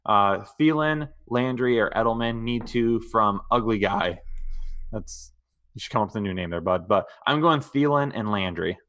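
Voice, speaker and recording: A man's voice: on the low side, expressive, normal speed, a bit bright. A young man co-hosting a live fantasy football stream, joking around and reading out viewer questions. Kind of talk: casual live-stream banter and Q&A.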